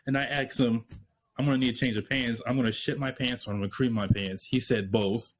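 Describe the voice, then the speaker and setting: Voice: mid-range voice, steady tone, a little fast. Laid-back podcast co-host, faint noise. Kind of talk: casual chat.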